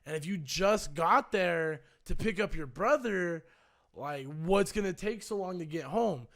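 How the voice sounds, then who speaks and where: High, gravelly young man telling a story. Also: a little slow. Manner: animated, profane, acts out both sides of phone calls. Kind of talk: casual storytelling chat.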